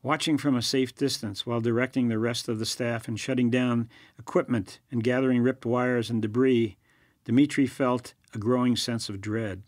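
A man reading a thriller novel aloud in a measured, plain scripted narration. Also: mid-range voice, steady tone, darkish tone, no room sound, studio quality. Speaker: audiobook narrator.

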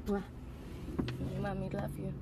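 A woman's voice: mid-range voice, completely flat delivery, takes it slowly, gravelly, heavy background noise. A woman in her twenties in a heated, defiant confrontation, profane and insistent, recorded on a phone inside a parked car. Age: 20s. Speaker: driver confronting police.

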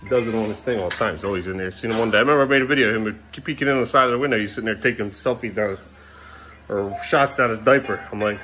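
A man's voice: lowish voice, very fast. A man filming a casual home vlog as a father, talking in an exasperated, rambling way and scolding his kids in the living room.

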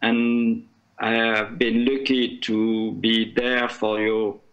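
A man from France with a French accent, speaking as a conference panelist in halting English, searching for words. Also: fairly low pitch, flat delivery, fairly bright tone, lo-fi sound. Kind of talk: panel discussion remarks.

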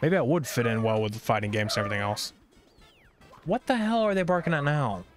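A man's voice: medium pitch, very animated, a little fast, soft background music. A man streaming a video game, grumbling and swearing in a rambling, irritable running commentary. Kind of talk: casual gameplay streaming commentary.

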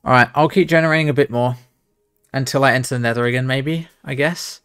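A man's voice: medium pitch, fairly even intonation, fast, fairly bright tone, smooth, soft background music. Muttering young man streaming a speedrun. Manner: self-talking, muttering and exclaiming. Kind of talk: live commentary while speedrunning a game.

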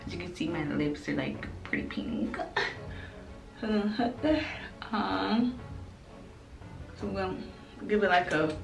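A woman's voice: mid-range voice, lively intonation, measured pace, vocal fry, pauses often, far from the mic. A young woman chatting casually through a makeup routine for her viewers, loose and slangy. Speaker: beauty vlogger. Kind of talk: casual makeup tutorial chat. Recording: roomy and off-mic with music.

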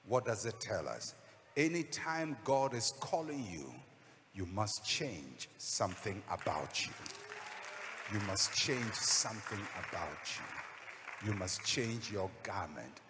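A man's voice: fairly low pitch, fairly bright tone, in a large hall, slight background noise. A man preaching a sermon as a pastor, telling a story dramatically and acting out the voices.

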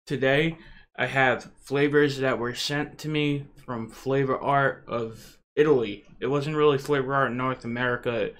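A man's voice: medium pitch, steady tone, unhurried, a bit bright. A man hosting a casual unboxing vlog, chatty and rambling, with frequent "uh" fillers. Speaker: channel host.

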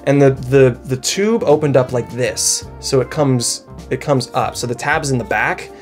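A young man vlogging to camera in a loose, rambling way, poking fun at himself as he goes. His pitch sits mid-range for a man. Soft music plays faintly underneath. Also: measured pace. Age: young adult. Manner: rambling and self-mocking, with frequent laughs and restarts. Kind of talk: casual chat to camera.

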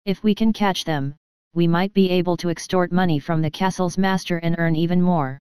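A woman's voice: lowish voice, steady tone, moderate pace, a little mellow, clear, resonant tone, no room sound, close to an everyday voice. A woman doing a bloodthirsty bandit boss. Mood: menacing. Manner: menacing, commanding. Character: bloodthirsty male bandit leader, greedy.

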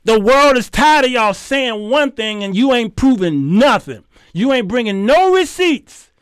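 A man's voice: very high-pitched, very animated, a little slow, clean tone, no room sound, studio quality. A man hosting his show, delivering a heated, preachy commentary rant that scolds his listeners and repeats phrases for emphasis. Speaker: host.

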